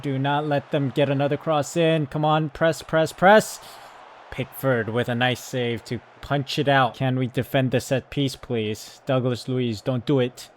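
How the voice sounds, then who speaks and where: Guy commentating his football manager game, gets loud and fired up, then talks tactics chill. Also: mid-range voice, moderate pace, hardly any pauses, slight background noise. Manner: excitable, shouts at the team, then calm tactical talk. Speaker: gaming YouTuber.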